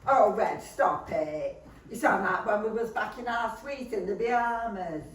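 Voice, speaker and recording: A woman's voice: medium pitch, a little slow, slight background noise, natural voice. A woman playing a haughty rich snob. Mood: gushing. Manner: haughty, gushing. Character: snobbish wealthy wife, gossipy and giggly. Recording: echoey hall, far from mic.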